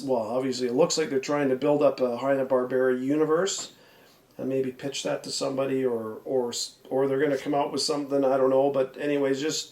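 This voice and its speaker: A slightly hoarse man rambles through his weekly comic picks in a loose, chatty way. His voice sits a little high for a man and rings off the walls of an echoey room. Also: darkish tone. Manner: rambling, chatty, laughs often. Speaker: comic book video host. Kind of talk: casual chat.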